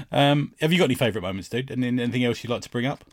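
A man co-hosts a relaxed podcast conversation, laughing often as he recounts scenes from a comic. His voice sits at an ordinary middle pitch. It is recorded close and dry with no room sound. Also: no room sound. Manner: laughs often, retells scenes with quick quoted lines. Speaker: podcast co-host. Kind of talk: casual chat about a comic book.

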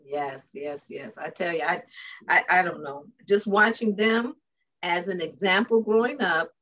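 Co-host, woman, husky voice, animated storytelling, easy laughter. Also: on the low side, measured pace. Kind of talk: casual chat.

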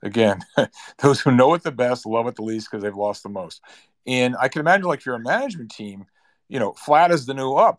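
A man hosting an interview, telling stories with enthusiasm and stumbling through restarts as he asks questions. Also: mid-range voice. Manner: enthusiastic storyteller, many restarts and stammers. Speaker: host.

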